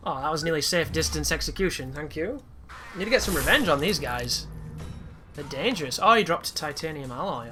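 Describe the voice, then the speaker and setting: A man's voice: a little high, lively intonation, a little fast. Chatty man commentating a game. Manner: chatty, reacting live, swears at times. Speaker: gaming commentator. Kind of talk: casual gameplay commentary. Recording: loud game music behind.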